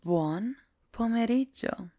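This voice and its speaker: Woman voicing a strict teasing tutor, whispered role-play, breathy, low fry, unhurried. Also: full character voice. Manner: slow, teasing, domineering, with frequent soft laughs.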